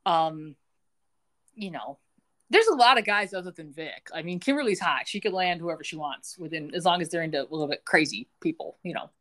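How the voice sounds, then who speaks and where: A young woman chats her way through a TV episode recap on a podcast. She is jokey and animated, slipping into the characters' lines as she tells the story, and her pitch rises and falls a great deal. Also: a little fast. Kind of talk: casual recap chat.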